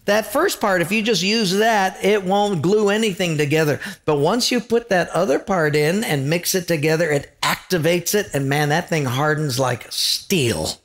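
A man's voice: high voice, moderate pace, hardly any pauses, fairly bright tone. A male pastor preaching a sermon in a conversational, emphatic way, often asking his listeners questions.

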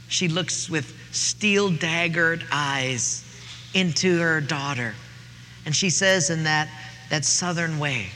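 Middle-aged man, preacher, folksy sermon storytelling, very bright voice, long hall reverb, faint room ambience. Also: on the high side, slow pace, slight background noise.

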